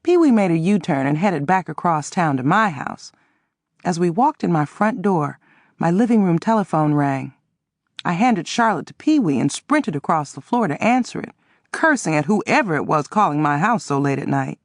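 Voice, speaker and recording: A woman narrating a first-person audiobook in an expressive, dramatic reading. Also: lowish voice, normal speed, dry recording, studio quality.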